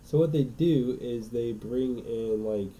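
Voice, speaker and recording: A man's voice: mid-range voice, slow, dark tone, slight background noise, low-quality recording. A man co-hosting a podcast, telling a rambling story in casual chat and checking in with "right?" as he goes. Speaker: podcast co-host.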